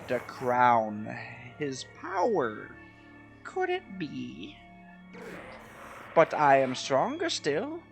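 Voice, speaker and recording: A man voicing a menacing ancient male villain in a game, reading his taunts slowly and theatrically. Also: mid-range voice, huge pitch swings, gravelly, faint music behind, heavily acted. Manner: slow, drawn-out theatrical reading.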